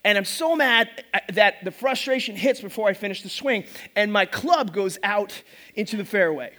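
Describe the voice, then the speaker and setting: A middle-aged man preaching a sermon to his congregation as pastor, telling stories in an animated, self-mocking way. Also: high voice, normal speed. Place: church service before a congregation.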